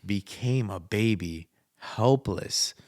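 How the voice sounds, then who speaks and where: A man's voice: fairly low pitch, takes it slowly, a little mellow, no echo, studio quality. A young man, a guest on an interview podcast, telling a personal story in an earnest, emotional, conversational way. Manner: earnest, emotional, faith-filled, speaks of a father's love.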